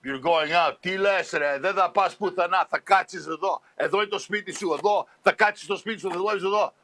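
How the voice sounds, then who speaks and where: A man voicing his gruff older father, a diner owner who scolds and throws customers out bluntly. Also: sits high, fast, sharp tone, full character voice. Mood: scolding.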